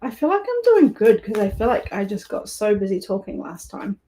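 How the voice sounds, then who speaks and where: A woman's voice: medium pitch, big pitch swings, brisk, dark tone, a little hiss or hum. A woman with a New Zealand accent hosting a craft livestream, chatting casually with viewers and laughing easily. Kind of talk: casual live chat while crafting.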